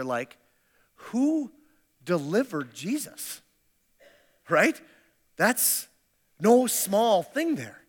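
A man's voice: fairly high pitch, fairly bright tone. A male pastor giving a sermon in a conversational, humorous way, often restarting his sentences. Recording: long hall reverb.

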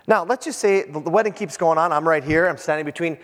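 A man preaching a sermon in a lively, animated way, acting out quotes and breaking into asides. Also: a little high, quick pace. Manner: animated, acts out quotes, self-interrupting asides. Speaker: pastor. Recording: long reverb of a large hall.

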